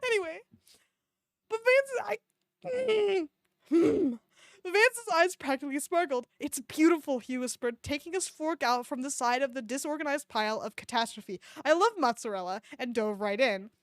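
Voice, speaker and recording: This is a comedic dramatic reading: a woman streamer voices a fan fiction, then interrupts to mock it with sarcasm and swearing. Her voice is high-pitched at a moderate pace, recorded dry in studio quality.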